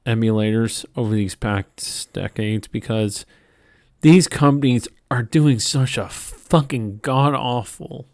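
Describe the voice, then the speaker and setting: A tired man hosting a gaming channel, ranting in a halting, profane monologue with frequent restarts. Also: medium pitch, no echo, studio quality. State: tired from lack of sleep.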